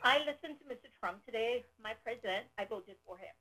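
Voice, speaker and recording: A woman's voice: fairly high pitch, a little fast, sharp tone, slightly rough, rough recording. Earnest sixty-year-old woman caller. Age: 60s. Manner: earnest, rambling. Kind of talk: phone-in call.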